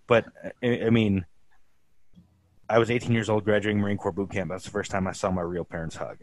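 A young adult man hosting a casual podcast, talking earnestly and reflectively with halting restarts. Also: on the low side, steady tone. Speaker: podcast host.

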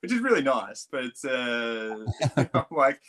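A man's voice: mid-range voice, very animated, takes it slowly, fairly bright tone. Australian man, middle-aged, swim coach guest, chatty, rambling, lots of fillers. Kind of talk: casual interview chat.

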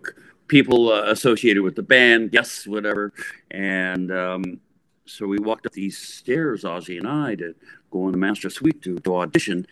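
A man in his sixties from the Bay Area, a rock guitarist telling a story in a casual interview, lively and full of fillers. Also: sits low, no room sound. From San Francisco Bay Area, USA. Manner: animated, acts out voices, lots of fillers.

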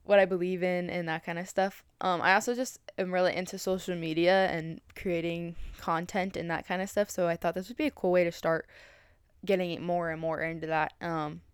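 A woman's voice: lowish voice, level tone, fairly quick, smooth, no room sound. Rambling young woman podcaster. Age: 20s. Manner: rambling, many fillers and restarts. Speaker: podcast host. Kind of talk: casual solo podcast monologue.

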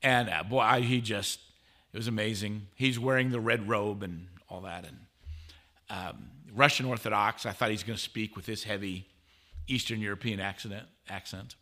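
A man speaking as a guest at a conference, telling a story in an animated way. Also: on the low side, normal speed. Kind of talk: conference talk. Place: conference stage.

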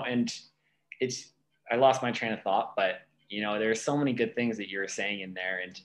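A man's voice: fairly low pitch, a bit bright. A man hosting a podcast, easygoing and reflective, talking loosely with many fillers. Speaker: podcast host. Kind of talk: casual podcast conversation.

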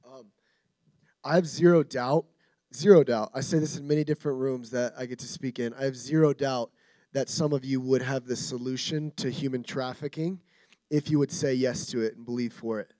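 A man's voice: medium pitch, steady tone, normal speed, dark tone, no echo. A man preaching with confident emphasis and repeated phrases, as a guest speaker. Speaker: guest speaker at a discipleship school. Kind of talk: sermon.

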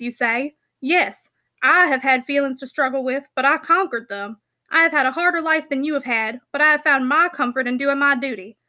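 A woman reading the lines of a stern, unforgiving young man in an audiobook, with a harsh, accusing delivery in her own high, bright voice. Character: stern older brother, cold and unforgiving.

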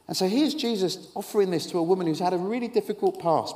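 A man, his voice sitting notably high, preaches to an audience in a hall. He tells a story in an animated way and slips in dry, joking asides. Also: quick pace, few pauses. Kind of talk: sermon.

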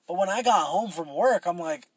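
A man's voice: sits high, animated, normal speed, husky, dry recording. A young man hosting a solo podcast, rambling casually with lots of swearing and filler words. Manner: rambling and profane, with frequent fillers and restarts. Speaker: podcast host.

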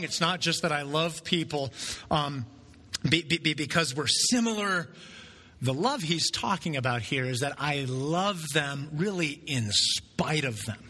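A man's voice: a little high, sharp tone, long reverb tail. A man preaching a sermon as pastor, talking conversationally and checking in with his listeners by asking "right?" again and again.

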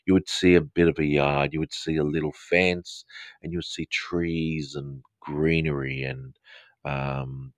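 A man's voice: gravelly, no room sound. A middle-aged male counsellor from the north of England with a mixed Australian and southern English accent, hosting a live podcast in a rambling, friendly way with many ums and restarts. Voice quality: baritone. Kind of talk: live podcast talk to listeners.

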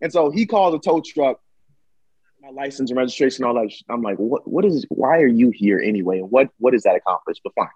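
Animated storyteller man, husky voice. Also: mid-range voice, a little fast, no echo, dull audio. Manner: animated, dramatic retelling with acted-out quotes. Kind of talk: casual storytelling chat. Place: Michigan.

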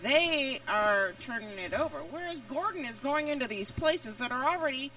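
A woman with a high voice making her point plainly in a casual chat. She sounds a bit distant from the microphone. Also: lively intonation, normal speed, sharp tone.

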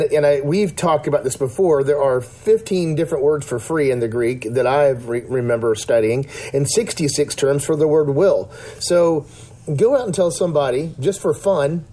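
A man's voice: a little high, moderate pace, dark tone. A man in casual discussion, talking earnestly in a rambling way with many restarts and fillers.

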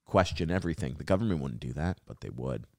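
A man's voice: rumbling low, lively intonation, quick pace, mellow, dry recording, studio quality. A man hosting a podcast, joking and swearing in loose casual banter. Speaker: podcast host.

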